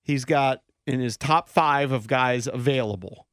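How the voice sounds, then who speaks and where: A man's voice: medium pitch, measured pace, a bit bright, smooth, no echo, clean studio sound. Male radio co-host reading off draft stats. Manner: reads stats and lists off prospects. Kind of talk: casual sports talk.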